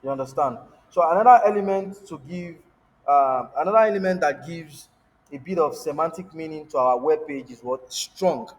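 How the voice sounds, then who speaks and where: A man with a fairly high voice teaches a coding lesson, pausing to throw out rhetorical "what?" questions for the class to fill in. His voice rings with a long reverb, as if he is recording in a bare room. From Africa. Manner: repetitive, asks rhetorical "what?" prompts. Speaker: coding instructor. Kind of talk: screen-share coding lesson.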